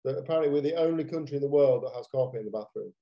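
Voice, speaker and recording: A man's voice: mid-range voice, very fast, dull audio. A British man co-hosting a podcast, chatting casually and rambling with lots of restarts. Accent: British English. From Britain. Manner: rambling, frequent restarts and fillers. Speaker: podcast co-host. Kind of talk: casual chat.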